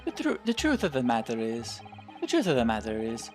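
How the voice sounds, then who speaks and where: A man voicing a nervous male witness with a put-on Scottish accent, halting and repeating his words, with rustic old-fashioned phrasing. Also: mid-range voice, wildly swooping pitch, faint music behind. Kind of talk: game voice-acting playthrough.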